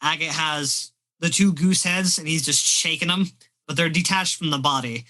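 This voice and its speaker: A man with a bright, forceful voice sits in the game master's seat. He narrates the scene in a relaxed, descriptive way. His voice sits a touch high for a man. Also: moderate pace, poor audio.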